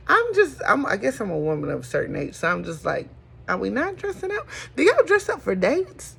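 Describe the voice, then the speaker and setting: Middle-aged lady, folksy casual chat, raspy husky voice. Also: mid-range voice, sing-song, moderate pace, a bit bright. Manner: chatty, folksy, calls listeners honey. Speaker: host.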